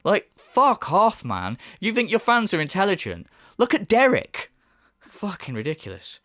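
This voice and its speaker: Man, sarcastic profane rant, lively swooping pitch, dry close sound. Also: a little slow, no echo. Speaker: YouTube commentator. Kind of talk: ranting commentary.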